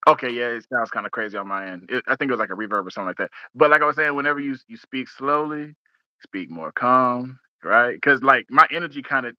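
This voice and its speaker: A man hosting a casual podcast chat, talking fast and excitedly, often repeating words as he restarts. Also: medium pitch, dry recording, muffled recording. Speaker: podcast host.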